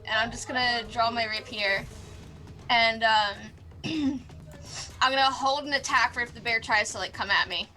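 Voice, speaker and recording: A woman playing a tabletop game, talking hesitantly with many pauses and fillers. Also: a little high, fairly even intonation, bright, forceful tone, low-quality recording. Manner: hesitant, lots of uh and um. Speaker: player.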